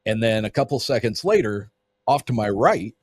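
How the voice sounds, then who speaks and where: A man with a husky, fairly low voice tells a story to a podcast host in a loose, vivid way. He swears freely and acts out what others said. The sound is dry and close, with no room around it. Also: expressive, moderate pace, no room sound. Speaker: podcast guest. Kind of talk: casual storytelling.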